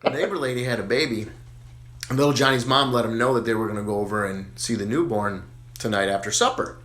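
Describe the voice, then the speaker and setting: A man telling dirty jokes in a casual style, animated and chuckling as he goes. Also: medium pitch, quick pace. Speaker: joke teller.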